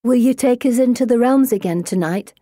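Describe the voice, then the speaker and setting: A woman's voice: fairly high pitch, brisk, warm tone, no echo, clean studio sound, pitched above the performer's own voice, natural voice. A woman voicing a plain-spoken Victorian schoolgirl who talks matter-of-factly. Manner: matter-of-fact, earnest.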